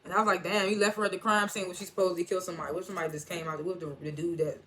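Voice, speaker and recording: A man with a notably high voice talks through a TV episode in a loose, rambling recap. He jumps between the plot and his own reactions, swearing freely, in a relaxed and chatty style. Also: racing. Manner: rambling, animated retelling with frequent laughter and profanity. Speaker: TV episode reviewer. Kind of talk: casual recap and review.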